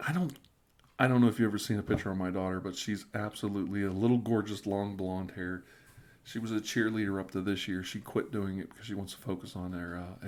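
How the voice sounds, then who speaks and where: A middle-aged man hosting a casual live stream, tipsy and rambling, stammering through restarts and sometimes dropping into soft whispers as he reads viewer comments. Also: fairly low pitch. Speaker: ASMR live stream host.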